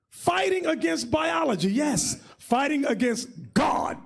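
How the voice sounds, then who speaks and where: A man leading a religious class as bishop, preaching in a loud, mocking, shouting manner. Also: extremely high pitch, expressive, slow pace, creaky. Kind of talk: fiery religious teaching.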